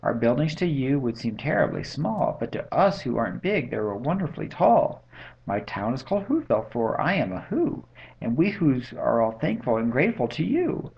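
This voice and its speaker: A man's voice: mid-range voice, big pitch swings, moderate pace, vocal fry, slightly rough, exaggerated voice. A man voicing a tiny, cheerful male mayor in a bedtime storybook reading, with a piping, grateful manner, on lo-fi webcam audio.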